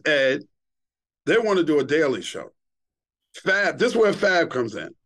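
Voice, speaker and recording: A middle-aged man from Queens spins a long, profane tale in casual podcast talk. His voice sits a little high for a man, and he tells it with lively energy. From Queens, New York. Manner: profane, animated storyteller. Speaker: guest, radio DJ.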